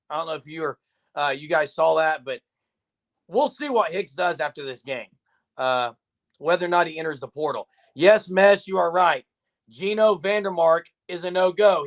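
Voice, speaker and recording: A man's voice: high voice, vocal fry. A man hosting a live sports talk show, chatting casually and reading viewer comments aloud. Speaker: podcast host.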